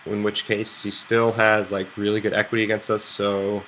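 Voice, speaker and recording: A man's voice: fairly low pitch, little pitch movement, normal speed, fairly bright tone, a little hiss or hum. A young American man streaming poker, chatting to viewers in a loose, rambling way and swearing freely. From United States. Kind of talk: casual live-stream chat to viewers.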